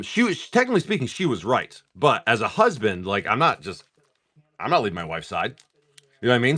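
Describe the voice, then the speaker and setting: A man's voice: medium pitch, a bit bright, no room sound. A man live-streaming as he opens trading card packs. He tells a rambling story and keeps breaking off to call out card names. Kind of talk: casual live-stream chat.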